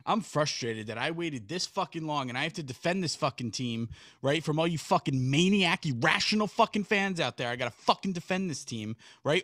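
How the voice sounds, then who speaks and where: A man on a sports podcast rants with mounting, profane frustration, his higher-than-average voice climbing as he gets worked up. The sound is close and dry, with no room around it. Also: expressive, brisk, hardly any pauses, dry recording. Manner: frustrated, profane ranting that builds to shouting. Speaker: podcast co-host. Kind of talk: casual sports podcast banter.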